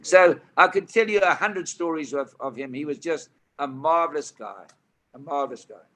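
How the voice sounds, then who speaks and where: An older man from South Africa spins anecdotes as a guest on a talk show. His voice is bright and forceful, pitched a little high. He tells his stories with lively, animated delivery. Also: normal speed. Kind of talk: storytelling chat.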